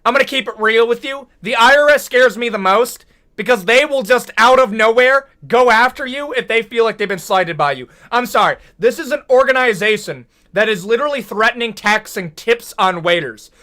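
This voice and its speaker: A man's voice: very high voice, normal speed. A young American man ranting and joking in casual commentary, full of slang and mock outrage. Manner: animated, joking, rants with slang like "brother, what?". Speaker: video commentator.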